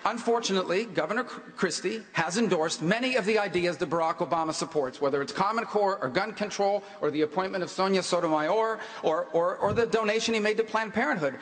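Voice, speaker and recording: A man running for president, answering forcefully in a political debate with emphatic, repetitive phrasing. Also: high-pitched, quick pace, hardly any pauses. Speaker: presidential candidate. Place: large debate hall on stage. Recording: echoey hall reverb.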